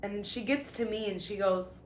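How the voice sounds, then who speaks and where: A woman tells her story in a loose, confessional way, swearing freely and often breaking off to restart a sentence. Her voice sits at a middle pitch and carries a noticeable room echo. A faint hiss of background noise runs underneath. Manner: candid and profane, with halting restarts. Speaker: vlogger sharing personal testimony.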